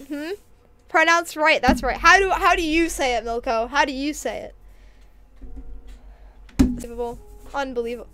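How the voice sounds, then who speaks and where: A young woman chatting casually with her live-stream chat, giggly and excitable. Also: sits high, measured pace, pauses often. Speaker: game streamer.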